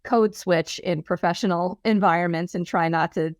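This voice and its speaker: A woman's voice: lowish voice, fairly even intonation, moderate pace, no echo, studio quality. A woman from Long Island with a subtle New York accent, chatting as an author guest on a video call, self-deprecating and laughing often. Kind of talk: casual interview chat.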